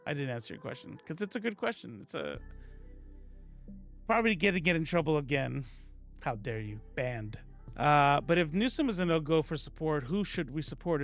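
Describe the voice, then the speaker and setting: A fairly high-voiced man talking casually on a live stream about politics, sarcastic and rambling as he answers viewer comments. Faint music plays quietly under his voice. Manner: sarcastic, rambling, reads chat aloud.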